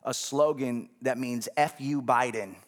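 A man's voice: medium pitch, steady tone, measured pace. A male pastor delivers a sermon in a church. His tone is conversational, and he keeps asking the congregation whether they follow him.

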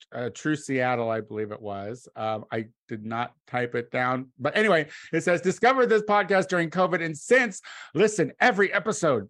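Excitable higher-voiced male podcast co-host. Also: no echo, studio quality. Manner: excitable, jumps high in pitch when amused. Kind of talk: casual comedic podcast chat.

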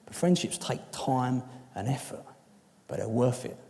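Earnest preacher in a reverberant hall. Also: male voice, medium pitch, lively intonation, a little slow, gravelly. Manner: earnest, building to emphatic peaks then softening to quiet, intimate appeals. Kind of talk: sermon. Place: church hall.

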